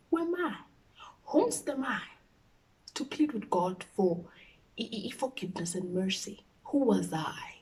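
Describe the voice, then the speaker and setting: A young South African woman telling a story for her vlog, with a mid-range voice. She talks in an animated way and often drops into whispered asides. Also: medium pitch, unhurried, pauses often, far from the mic, rough recording. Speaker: YouTuber.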